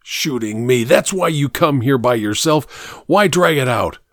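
A man's voice: mid-range voice, animated, a little slow, no echo, clean studio sound, close to an everyday voice. A man voicing a desperate, dying fugitive. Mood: bitter, defensive. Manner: plaintive, rising to shouting. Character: dying cowardly male fugitive, coughing, desperate.

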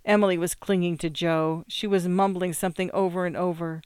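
A narrator reading a story aloud in a measured, expressive way. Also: medium pitch, smooth, dry recording, studio quality. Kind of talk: audiobook reading.

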